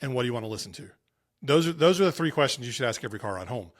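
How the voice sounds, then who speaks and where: A man's voice: mid-range voice, animated, very fast. An earnest man in his thirties talks as a guest on a podcast about youth sports. His voice sits in an ordinary middle range. He speaks with conviction and often restarts a phrase to press a point. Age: 30s. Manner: earnest, emphatic storyteller with frequent restarts. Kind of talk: conversational interview.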